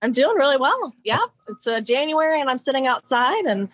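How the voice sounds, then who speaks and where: Woman interview guest, higher voice, friendly and relaxed, dry close recording. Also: a little fast, no room sound, faint music behind. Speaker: guest, pickleball club owner. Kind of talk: casual interview. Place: outdoors by her courts.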